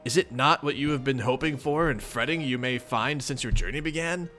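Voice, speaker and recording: A man's voice: medium pitch, a little fast, pushed and bright, soft background music, close to an everyday voice. A man doing a chatty know-it-all troll woman. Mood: calm, knowing. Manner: precise, properly enunciated, upbeat. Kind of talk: reading a webcomic aloud in voices.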